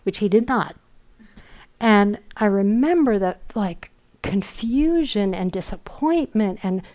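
A middle-aged woman giving a dharma talk in a retreat hall, speaking very slowly and unhurriedly. Her pitch sits in an ordinary middle range. She tells stories gently and sometimes slips into soft, whispered asides. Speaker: meditation teacher. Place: retreat center meditation hall.

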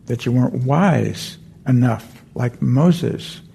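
A man's voice: medium pitch, slow pace, gravelly, mellow, husky, exaggerated voice. A man voicing a group of loving congregants who question their dying rabbi in a told story. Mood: puzzled. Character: loving male congregants, puzzled and pleading.

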